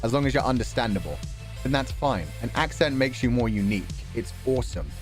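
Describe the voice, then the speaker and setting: Lively British man chatting casually. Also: medium pitch, fast talker, soft background music. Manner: relaxed, chatty, laughs often, swears casually. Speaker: streamer host. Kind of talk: casual chat, reading viewer donations.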